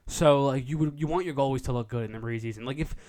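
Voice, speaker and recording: A young man co-hosting a casual sports podcast, excitable and profane, quick to overreact. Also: mid-range voice. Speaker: podcast co-host.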